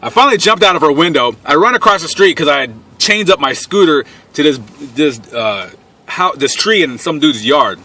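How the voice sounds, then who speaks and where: A man's voice: fairly high pitch, lively intonation, a little fast, bright, forceful tone. A young man telling a crude personal story straight to camera, blunt and full of swearing. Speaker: vlogger. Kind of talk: casual storytime.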